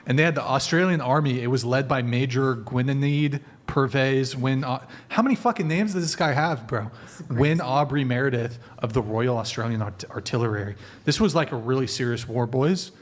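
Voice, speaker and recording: A man's voice: medium pitch, normal speed. A man hosting a live podcast, chatting casually and swearing freely while giving orders to his crew. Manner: loose, profane, directs the crew. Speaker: podcast host. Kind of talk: casual live-stream banter.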